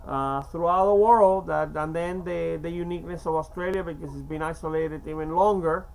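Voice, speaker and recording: A man in his fifties from Cuba with a slight Cuban Spanish accent, talking in a rambling, halting way with many fillers and restarts. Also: fairly high pitch, steady tone, gravelly, darkish tone, low-quality recording. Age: 50s. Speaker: vlogger. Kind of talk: rambling casual monologue.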